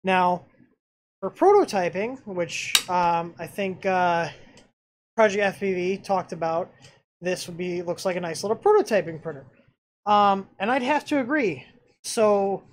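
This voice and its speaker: This channel host has a high-pitched voice and talks at a moderate speed while reviewing a 3D printer on a relaxed live stream. His speech wanders, full of fillers and restarts, and a faint hiss or hum sits under the recording.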